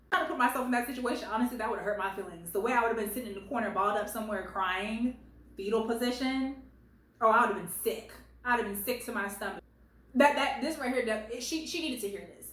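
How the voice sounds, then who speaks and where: A woman reading online stories aloud at home and giving sassy, animated commentary, calling the poster baby and girl. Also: on the high side, quick pace, echoey room, low-quality recording.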